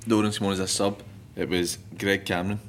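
A man's voice: sits low, flat delivery, fairly quick, slight background noise. A Scottish man hosting a podcast, quizzing the guest and correcting details in casual chat.

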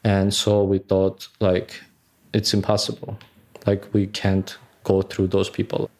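A man recalling his past in a halting, conversational interview, full of fillers. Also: deep voice, completely flat delivery, a little mellow. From Nagorno-Karabakh. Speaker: interviewee recounting his war experience.

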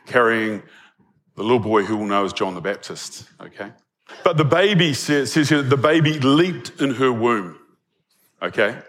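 Conversational New pastor preaching. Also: male voice, mid-range voice, fairly bright tone. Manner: conversational, often checks in with "okay?". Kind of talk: sermon.

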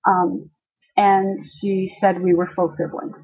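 A woman telling a personal story to a listener, animated and acting out the voices of the people she quotes. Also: medium pitch, slow, slightly rough, dull audio.

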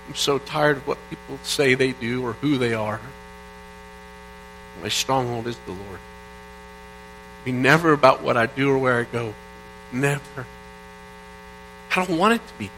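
A middle-aged man from Indiana preaching a sermon, reading psalms aloud in an earnest way that swings between quiet and loud. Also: mid-range voice, measured pace, pauses often. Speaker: pastor. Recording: faint mains hum. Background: faint mains hum.

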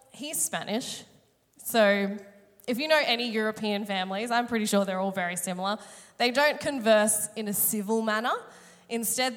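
A woman's voice: medium pitch, a bit bright. A woman, preaching a sermon through a chatty, self-mocking personal story, her voice a little strained today. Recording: long hall reverb.

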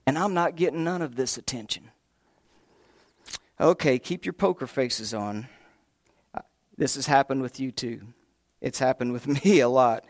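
A man delivering a lively, conversational sermon, his voice sitting a little high for a man and often swelling for emphasis. The recording is close and dry, with almost no room sound. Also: no room sound. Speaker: preacher.

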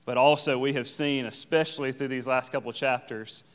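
Man, pastor, sermon, conversational, resonant, mid pitch, long reverb. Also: fairly even intonation, a little fast. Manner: conversational, paraphrases scripture in casual everyday phrasing.

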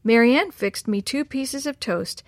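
A woman voicing an ill, tired mother who speaks softly and reassuringly in a storybook reading. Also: fairly high pitch, measured pace, no echo, clean studio sound, natural voice. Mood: gentle. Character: sick tired mother, gentle.

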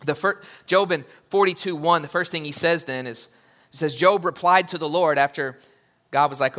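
A man preaching a sermon in an animated way, with joking asides and quoted voices he acts out. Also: fairly high pitch, normal speed. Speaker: pastor.

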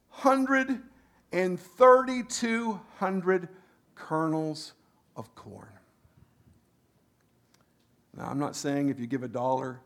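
A male pastor delivering a sermon in a high, lively voice. He swings between loud, emphatic lines and quiet asides, and often restarts his sentences.

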